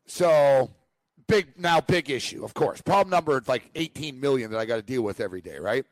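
A man's voice: mid-range voice, animated, a little fast, dry recording. A man co-hosting a sports talk show, telling a long rambling story and acting out a phone call. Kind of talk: casual chat.

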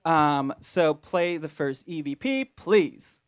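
A woman's voice: deep voice, sing-song, slow pace, clear, resonant tone. A woman hosting a live podcast show on stage, playful and giggly, often laughing at herself. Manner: playful, giggly, self-deprecating. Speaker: podcast host. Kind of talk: live podcast chat with guests. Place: small theater stage, live audience.

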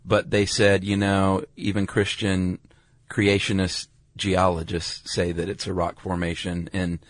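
A man's voice: sits low, flat delivery, unhurried, dry recording. A man co-hosting a podcast in casual chat, making wry, dry asides. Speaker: podcast co-host.

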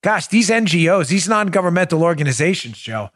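A sarcastic male podcast host with a fairly high voice that swoops up and down. He sounds incredulous and mocking, and keeps turning to his producer as he goes. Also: very animated, brisk, a bit bright. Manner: talks to his producer on air. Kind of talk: political commentary.

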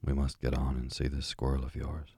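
Kindly storybook doctor, read by a man: deep, husky, dark tone, dry close sound. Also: monotone, a little fast, no room sound, full character voice. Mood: mild. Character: kindly, absent-minded male doctor.

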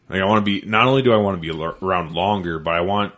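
Very low-voiced blunt, profane man. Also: very fast, few pauses, a bit bright. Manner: blunt, profane, self-deprecating. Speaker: podcast host. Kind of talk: casual chat.

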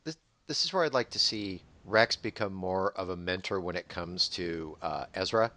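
A man's voice: low-pitched, normal speed, sharp tone. A man in a casual discussion who jumps in eagerly with his ideas.

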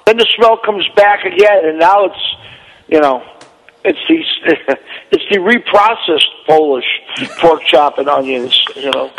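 A man in casual podcast chat who chimes in with quick agreeing remarks and short stories. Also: fairly high pitch, a bit bright, slight background noise, low-quality recording.

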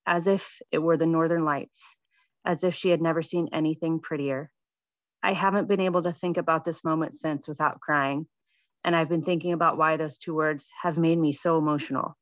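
Low-voiced woman reading a personal essay. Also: dry recording. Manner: gentle, reflective reading. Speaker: radio essayist, mother. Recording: dull lo-fi sound.

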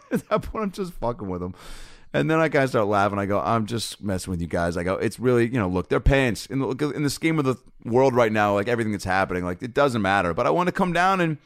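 Comedian guy telling a story, deep-ish voice that jumps around a lot, swears, dry close mic. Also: quick pace, no echo. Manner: animated, swears freely, acts out both sides of the story. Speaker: comedian and podcast host. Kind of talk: casual storytelling monologue.

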